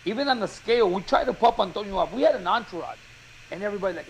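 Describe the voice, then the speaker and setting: High-voiced man telling a story. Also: racing, slight background noise, poor audio. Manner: animated storyteller, acts out quotes. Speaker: boxing coach. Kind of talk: casual storytelling chat.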